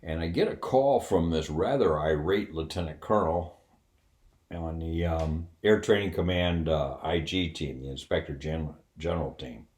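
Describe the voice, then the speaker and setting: A man's voice: very deep voice, normal speed, a little mellow. An older man, a retired officer, telling a wry anecdote in a casual, candid way with fillers and chuckles. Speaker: retired Air Force officer telling a story. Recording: roomy echo.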